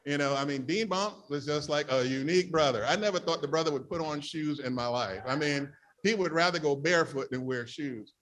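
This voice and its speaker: Animated New man telling church stories. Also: a little high, fairly quick, hardly any pauses. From New York. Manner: animated storytelling, acting out his own past complaints. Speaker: church member sharing testimony. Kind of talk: humorous personal testimony.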